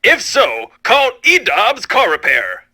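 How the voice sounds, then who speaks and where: A man voicing a cheesy caller pitching a fake repair shop in a salesy, sarcastic tone. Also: huge pitch swings, slow pace, sharp tone, breathy edge, exaggerated voice.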